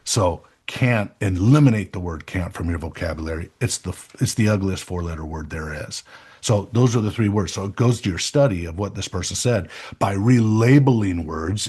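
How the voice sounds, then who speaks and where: A man's voice: darkish tone, breathy edge. A middle-aged man hosting an interview, talking earnestly and with emphasis about his family's habits. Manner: earnest, emphatic, rising to enthusiastic pitches. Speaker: interview host. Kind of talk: conversational interview.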